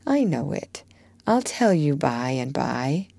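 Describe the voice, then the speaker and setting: A woman reading aloud, voicing a gentle, frail young girl who speaks softly and falls into hushed whispers. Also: low-pitched, big pitch swings, takes it slowly, vocal fry, no room sound, exaggerated voice. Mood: tearful hushed. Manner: soft, hushed, breaking into whispers.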